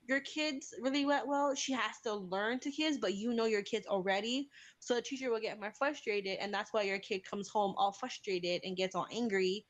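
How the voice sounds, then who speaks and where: A woman hosting a casual chat, talking animatedly and acting out the voices of kids and parents. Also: on the high side. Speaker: host.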